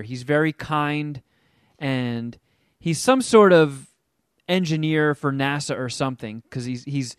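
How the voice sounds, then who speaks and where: A man's voice: fairly high pitch, clear, resonant tone, dry recording, clean studio sound. A man co-hosting a podcast, telling about a movie in rambling, profane casual chat. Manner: rambling, profane, animated storytelling. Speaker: podcast co-host.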